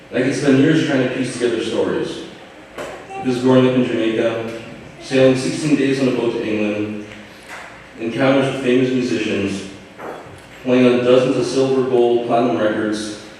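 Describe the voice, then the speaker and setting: A young man giving an informal, halting eulogy for his father from notes, with light humor. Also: medium pitch, a little mellow, a little hiss or hum. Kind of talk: memorial speech from notes. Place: large hall at a memorial gathering. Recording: echoey hall, distant mic.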